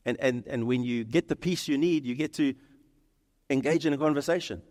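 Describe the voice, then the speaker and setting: A male pastor preaching a sermon, animated, acting out the lines of the people in his story. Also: mid-range voice, a little fast. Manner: animated, acts out dialogue in quoted voices. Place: church sanctuary. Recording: reverberant church hall.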